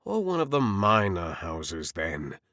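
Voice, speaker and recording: A man playing a power-hungry lord, low, cold and threatening, dry close sound. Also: wildly swooping pitch, takes it slowly, pushed and bright, no room sound, heavily acted. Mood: scheming. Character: scheming older lord, menacing and power-hungry.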